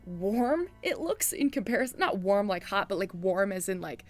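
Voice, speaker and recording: A woman's voice: medium pitch, big pitch swings, normal speed, soft background music. A woman running a tabletop game, describing scenes to her players in a loose, casual way with many "um"s and "like"s. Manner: casual descriptive narration full of "um" and "like". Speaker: game master.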